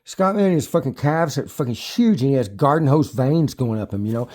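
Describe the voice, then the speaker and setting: A man's voice: medium pitch, expressive, normal speed, few pauses, darkish tone. Man in his fifties, profane, rambling, restarting sentences, casual home vlog. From United States. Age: 50s. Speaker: e-bike vlogger. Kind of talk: casual rambling talk to camera. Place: at home near his bikes.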